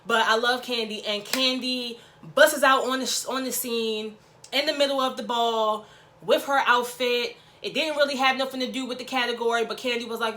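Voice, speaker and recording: A bright, sassy woman talking straight to her channel's viewers about a TV episode. She keeps it loose and chatty, often checking in with "okay?", and her voice sits a little high. A faint hum of room noise sits under her. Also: steady tone, moderate pace. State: out of breath. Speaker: YouTube vlogger. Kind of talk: casual TV recap vlog.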